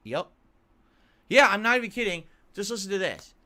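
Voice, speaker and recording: A man's voice: sits high, animated, moderate pace, pushed and bright. A man talking casually on a gaming stream, complaining and getting defensive.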